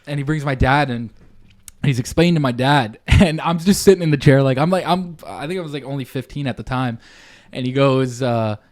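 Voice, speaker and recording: A man's voice: mid-range voice, brisk, a little mellow. Young man, podcast co-host, casual chat, rambling storyteller, slangy and sweary.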